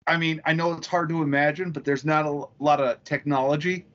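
A man co-hosting a crude comedy podcast, telling profane stories with excitement. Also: on the high side, a little fast. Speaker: podcast co-host. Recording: dull, slightly lo-fi sound.

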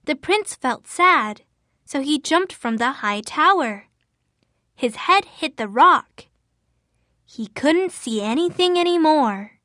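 A woman narrating a fairy tale in a clear, careful storybook reading for language learners. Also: high voice, animated, slow, pushed and bright, dry recording, clean studio sound.

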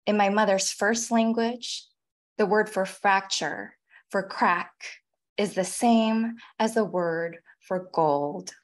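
Poet lady in her 40s, slow careful reading, middle-pitched voice, video call mic. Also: steady tone. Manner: measured, deliberate delivery of poems; quick, halting chat between them. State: tearful, voice catching. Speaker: featured poet. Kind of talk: poetry reading with spoken asides.

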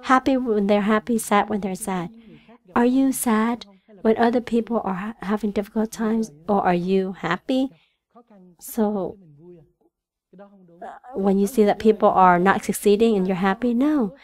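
A woman whose native language is Vietnamese interprets a church sermon, earnest but halting and often restarting. Her voice is mid-range.

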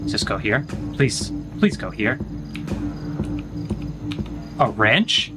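A man's voice: on the low side, sing-song, drawn-out words, over loud music. A man streaming a horror game, joking and talking back to the game's characters in playful commentary.

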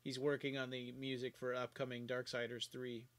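A man's voice: medium pitch, monotone, moderate pace, fairly bright tone. An American man with a neutral, news-like accent, co-hosting a podcast in casual, hesitant chat with many restarts. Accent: General American. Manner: hesitant, restarts a lot, easily amused. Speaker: podcast co-host.

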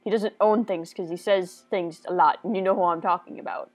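A woman giving casual, goofy, excitable commentary while she plays a video game, often talking to the characters on screen. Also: fairly low pitch, a little fast, faint music behind. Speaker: let's play gamer.

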